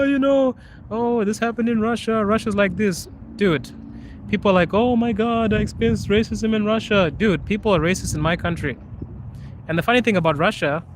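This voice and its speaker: A man's voice: a little high, slight background noise. A young man hosting a casual live chat outdoors on a city street, talking in an emphatic, earnest way. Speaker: livestream host.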